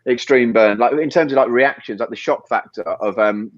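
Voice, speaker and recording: A man, a guest on a podcast, telling stories in a quick, rambling way, full of fillers and restarts. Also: mid-range voice, no room sound, dull audio. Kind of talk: casual interview chat.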